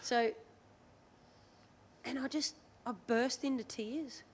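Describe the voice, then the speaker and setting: Her voice is high-pitched and her pace slow as this Australian woman in her thirties, a rugby league player, tells frank, lively stories on a podcast. She often quotes what others said, and there's a faint hiss or hum.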